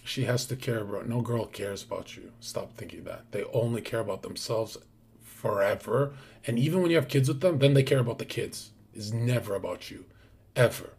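Husky-voiced male streamer, brash casual chat with sudden hushed asides. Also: fairly low pitch, normal speed. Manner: brash, crude, drops into hushed whispers. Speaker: streamer host. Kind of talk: casual livestream talk.

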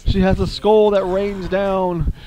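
Man, playful storyteller, animated, fairly high voice, heartfelt asides. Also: takes it slowly, a little hiss or hum, low-quality recording. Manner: animated, playful, drops low for sentimental asides.

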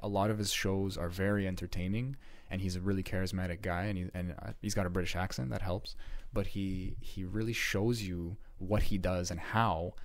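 A man's voice: deep voice, steady tone, moderate pace, hardly any pauses. A man co-hosting a laid-back podcast, rambling in casual chat with lots of fillers and swearing. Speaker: podcast co-host.

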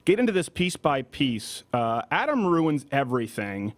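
A man's voice: medium pitch, big pitch swings, normal speed. A man in his thirties hosting a political commentary show, delivering a sarcastic, combative rebuttal. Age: 30s.

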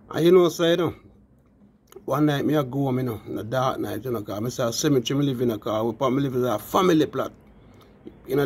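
A man's voice: a little high, gravelly, darkish tone, slight background noise. A man with a Jamaican accent telling a story in casual patois, often adding "you know" and calling his listeners "people".

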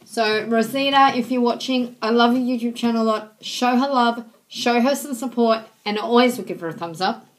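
A woman hosting a vlog who gives shoutouts using the same friendly formula each time. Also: on the high side, normal speed, low-quality recording. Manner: repeats a set friendly formula. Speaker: host giving shoutouts.

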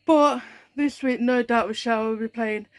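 A woman's voice: fairly high pitch, normal speed. A British woman hosting her own weekly vlog, talking in a chatty, upbeat and rambling way. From United Kingdom. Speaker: vlogger host.

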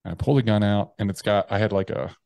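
Deep-voiced man telling a raw story. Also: fairly even intonation, fast talker, gravelly, a little mellow, no echo. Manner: casual and profane, heavy use of "like" and "bro". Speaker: interview guest, army veteran. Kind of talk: casual personal storytelling.

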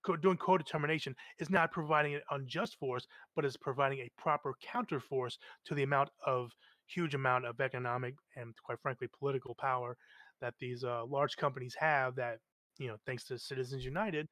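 A man talking politics in a casual discussion, animated, often stumbling over repeated words and acting out quoted voices. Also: medium pitch, fairly quick, no echo. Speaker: guest.

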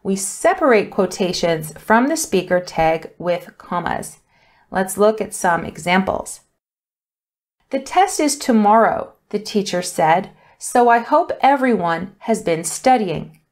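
A woman teaching an English punctuation lesson, explaining rules clearly and deliberately while reading example sentences aloud. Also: mid-range voice, expressive, a little mellow. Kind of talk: grammar lesson.

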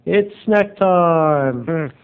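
A mock TV announcer, slow and drawn out, as a man puts him on in a lowered, booming style. The audio is thin and phone-like. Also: lively intonation, smooth, full character voice. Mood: mock-grand. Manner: drawn-out grand announcer delivery. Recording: tinny lo-fi webcam audio.

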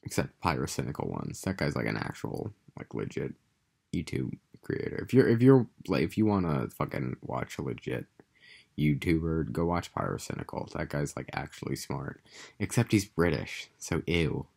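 A man's voice: rumbling low, expressive, normal speed, vocal fry, a little mellow. A young American man talking to his own channel in a crude, meandering casual monologue full of fillers and restarts. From United States. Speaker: vlogger.

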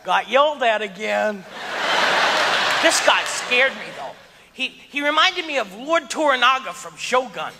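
A male stand-up comedian who talks in an animated, exclaiming way and keeps jumping into voices. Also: very high voice, a little slow, background noise. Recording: live hall with loud audience laughter.

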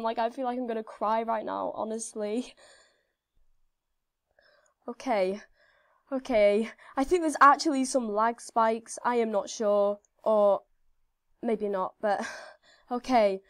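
A young woman commenting on her gameplay in a casual, excitable way, her voice slightly hoarse. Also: fairly high pitch. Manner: excitable, breathless, full of gasps and squeals. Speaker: gaming video creator.

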